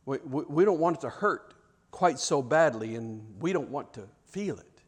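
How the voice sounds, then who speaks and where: High-voiced preacher telling a story. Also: male voice, animated, moderate pace, husky, big-room sound. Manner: storytelling, swings from hushed low passages to loud shouted peaks; repeats words and restarts often. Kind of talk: sermon.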